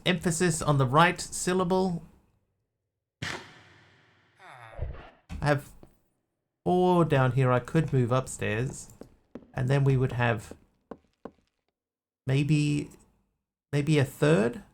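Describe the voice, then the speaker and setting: A man with a gravelly, slightly higher voice chatting his way through a game stream. He rambles and talks to himself as he plays, over a faint hiss from a desk mic. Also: slow, pauses often. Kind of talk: casual gameplay commentary.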